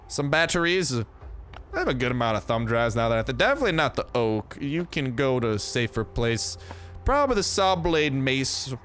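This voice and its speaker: A man's voice: a little high, fairly bright tone, a little hiss or hum. A young man giving casual, slangy gameplay commentary, chatty and full of jokey asides.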